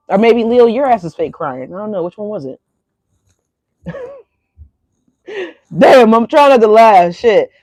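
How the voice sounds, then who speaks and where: A woman's voice: mid-range voice, dark tone, no echo. A woman reading tarot in a loose, chatty way, swearing and laughing between thoughts. She circles back with lots of fillers and addresses her viewers directly. Her voice sits in a middle range and sounds dry and close to the mic. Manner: rambling, profane, laughing asides; repeats fillers, talks straight to viewers. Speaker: tarot reader.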